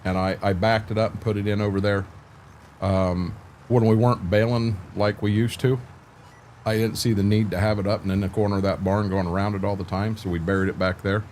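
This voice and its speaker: A man's voice: lowish voice, level tone, a little fast, a little mellow, a little hiss or hum. An older man hosting a casual game stream, talking in an easygoing, rambling, folksy way.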